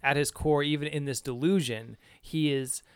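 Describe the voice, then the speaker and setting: A man's voice: a little high, moderate pace, clear, resonant tone, no room sound. A man in a casual book discussion, earnestly explaining his reading at length and laughing easily. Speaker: discussion partner.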